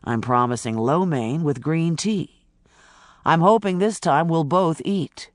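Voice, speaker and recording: An audiobook narrator voicing a calm male federal agent who speaks in a level, measured, gently insistent way. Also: fairly high pitch, no echo, studio quality. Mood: dry. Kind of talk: audiobook character voice.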